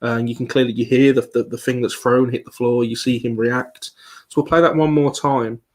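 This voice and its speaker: Guy hosting a live stream talk, lots of ums, average pitch. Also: little pitch movement, a little fast, a little mellow. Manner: hesitant, many ums and restarts. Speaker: paranormal investigator presenting. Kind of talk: live online presentation.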